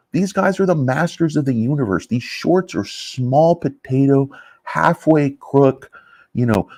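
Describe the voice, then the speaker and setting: A man's voice: mid-range voice, warm tone, no echo. A man hosting a stock market vlog in a blunt, profane, sarcastic rant. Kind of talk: casual ranting vlog.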